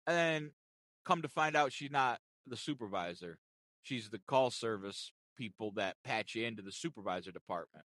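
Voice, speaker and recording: Give me a man ranting about a phone call, animated and profane, with a very lively pitch. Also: normal speed, no echo. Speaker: content creator. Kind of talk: ranting storytime.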